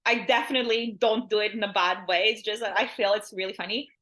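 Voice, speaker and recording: A woman's voice: medium pitch, fairly even intonation, fast, a bit bright. A woman, a language teacher, talking casually as an interview guest, rambling with lots of "like" and laughing often.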